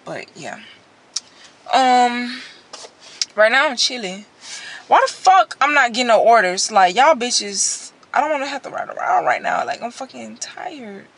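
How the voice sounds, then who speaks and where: A young woman talks straight to her viewers, blunt and full of profanity. Her voice sits a little high, and she tells her stories in an animated, unscripted way. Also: measured pace. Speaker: vlogger. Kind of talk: casual unscripted rant to viewers.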